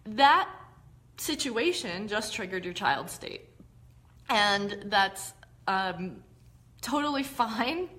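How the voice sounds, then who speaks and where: A woman's voice: medium pitch, lively intonation, takes it slowly, a bit bright. A woman hosting a live-streamed talk, explaining ideas in a conversational, explanatory way. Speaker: host.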